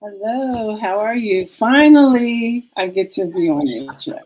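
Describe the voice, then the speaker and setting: A woman guest speaker with a husky voice, talking graciously and conversationally with the host. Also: medium pitch, lively intonation, unhurried, a little mellow, muffled recording.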